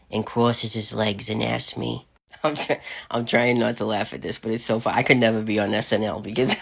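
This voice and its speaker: A woman recovering from covid, telling a funny story about her son in a casual, animated way, often breaking into laughter. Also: a bass voice. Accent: American. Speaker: vlogger.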